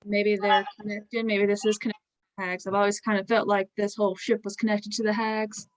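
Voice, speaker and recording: A woman chatting casually as a player in a tabletop game, halting and stumbling over her words. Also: mid-range voice, level tone.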